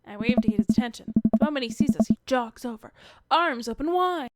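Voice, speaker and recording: A woman doing let's-play commentary, reading game text aloud. Her voice sits slightly high, wry and informal, with muttered asides and easy swearing. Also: animated, fairly quick, no room sound, soft background music. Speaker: gamer playing on her channel.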